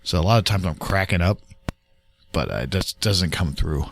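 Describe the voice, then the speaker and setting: A man hosting a podcast, teasing his co-hosts with quick questions in casual studio banter, in what he calls a bland voice. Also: low voice, vocal fry, slight background noise. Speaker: podcast host. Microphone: studio mic.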